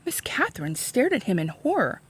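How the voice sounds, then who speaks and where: Woman, read-aloud narrator, chapter book read-along, expressive, animated pitch. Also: fairly quick, slightly rough. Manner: expressive, explains the story simply.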